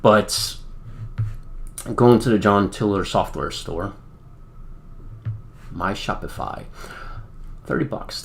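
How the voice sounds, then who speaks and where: A man's voice: lowish voice, slow pace, vocal fry, pauses often, a little hiss or hum. An American man streaming a wargame, talking in a rambling, casual way with lots of fillers. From United States. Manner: rambling, filler-heavy, chatty. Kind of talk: casual live-stream commentary.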